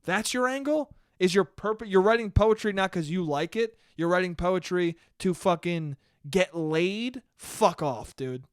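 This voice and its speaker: A man's voice: sits high, lively intonation, a little slow, hardly any pauses, clear, resonant tone, no room sound, clean studio sound. A young man hosting his own solo podcast, ranting with lots of swearing and mocking quotes. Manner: ranty, profane, mocking put-on poet voices. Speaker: podcast host. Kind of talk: solo comedic rant.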